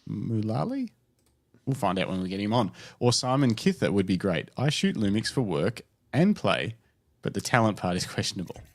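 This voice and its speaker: A man's voice: lowish voice, big pitch swings, a little fast. A man hosting a live podcast, joking around and reading viewer comments aloud. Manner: jokey, laughs often, reads out comments. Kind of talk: casual chat.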